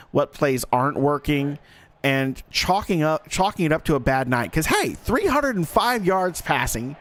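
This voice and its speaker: Speaking directly to his listeners in a folksy, joking way, a man whose voice sits a little high delivers live commentary on a simulated football game.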